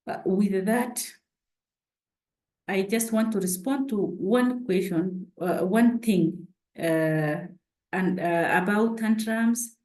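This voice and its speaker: Earnest woman, parenting speaker, slow and roomy. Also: mid-range voice, darkish tone. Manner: earnest, exhorting. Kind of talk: panel talk.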